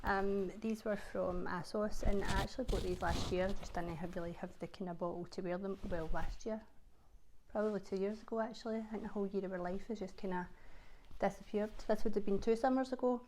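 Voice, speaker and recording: A Scottish woman chatting casually to camera for her vlog, her voice sitting at an ordinary middle pitch. She talks in a loose, chatty way, leaning on fillers and doubling up words for emphasis. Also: fairly even intonation, brisk, a little mellow, slight background noise. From Scotland. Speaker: vlogger.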